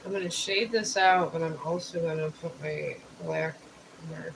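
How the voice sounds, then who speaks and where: This live streamer has just woken up and talks casually while painting, reasoning out loud and explaining each art supply in turn. The voice is gravelly and medium-pitched at a moderate pace, with a constant hum of background noise.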